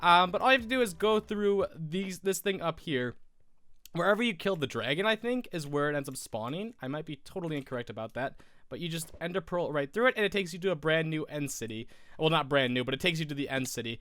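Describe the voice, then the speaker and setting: A man's voice: a little high, animated, fast talker, fairly bright tone, dry recording. A young American man with a cold, stuffy and sniffling, rambling through casual gameplay commentary as a Minecraft YouTuber. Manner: rambling, self-correcting, sniffling.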